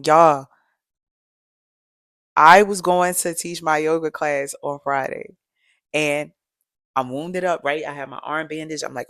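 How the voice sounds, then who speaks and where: A middle-aged woman, a motivational coach and yoga teacher, telling a story to viewers in an animated, chatty way and often calling them "y'all". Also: deep voice, a little slow, long pauses, no echo, clean studio sound. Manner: animated, talks straight to viewers with repeated "y'all". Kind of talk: casual motivational storytelling to camera.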